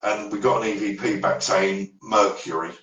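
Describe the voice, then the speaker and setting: A man's voice: fairly even intonation, moderate pace, fairly bright tone. A man, telling ghost stories in a rambling podcast chat, trailing off and restarting. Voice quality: deep voice. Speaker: paranormal investigator guest. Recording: echoey room, far from the mic.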